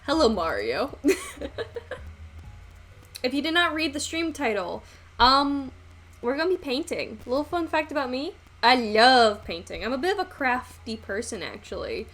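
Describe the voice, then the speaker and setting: A woman's voice: high voice, lively intonation, normal speed, fairly bright tone. A young adult woman chatting casually to her live-stream audience in a rambling way, with frequent ums and self-conscious laughs.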